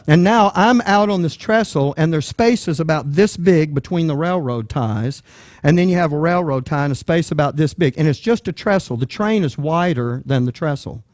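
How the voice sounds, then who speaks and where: A man preaching a sermon, telling a personal story with lively voices for the people in it. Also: on the high side, moderate pace, dry recording, studio quality. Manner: animated storyteller, acts out voices in quotes.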